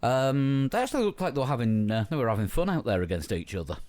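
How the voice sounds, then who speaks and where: A man hosting a casual podcast chat, relaxed as he moves the talk along. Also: mid-range voice, fast talker, dry recording.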